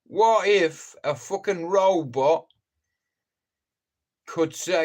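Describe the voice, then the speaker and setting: Male live-stream host, slow, profane, rambling, mid-range voice. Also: medium pitch. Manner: profane, rambling storyteller who addresses viewers directly. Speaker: livestream host.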